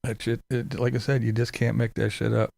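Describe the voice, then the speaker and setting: Profane guy hosting a chat show, laughs a lot, gravelly voice, dry close sound. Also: medium pitch, level tone, a little fast, darkish tone, no echo. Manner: profane, laughs often, incredulous. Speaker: commentary show host. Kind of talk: casual commentary to a live chat.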